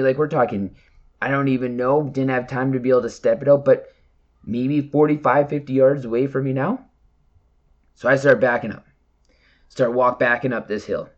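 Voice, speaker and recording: A man recounts a tense personal story, swinging between low, hushed asides and loud, shouted quotes, with plenty of swearing along the way. His voice sits in a middle pitch, and the recording sounds a bit muffled and lo-fi. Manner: animated, profane, breathless retelling with shouted quotes. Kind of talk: casual storytelling.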